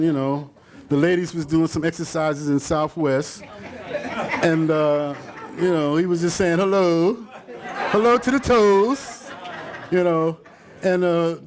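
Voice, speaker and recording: A man's voice: on the high side, a little mellow. An older man, a photographer, rambling through stories about his photos for a live audience, with many fillers and asides. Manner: acts out quotes in other voices. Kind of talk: casual slideshow talk to an audience.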